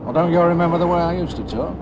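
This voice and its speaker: An actor playing a smooth con man with a posh, courteous way of speaking in a TV drama. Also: fairly high pitch, fast talker, background noise, natural voice. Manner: posh, polite, understated. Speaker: con man posing as a gentleman. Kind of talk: 1990s TV drama acting.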